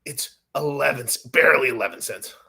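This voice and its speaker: A man's voice: medium pitch, a little fast, gravelly, sharp tone, slightly rough. A man streaming about crypto, talking to his chat in a profane, exasperated, rambling rant.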